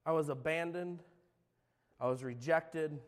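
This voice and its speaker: A middle-aged Californian who used to be a youth pastor gives his personal testimony at church, earnest and confessional, swinging between loud and hushed. His voice is fairly high and unhurried, echoing in a large hall.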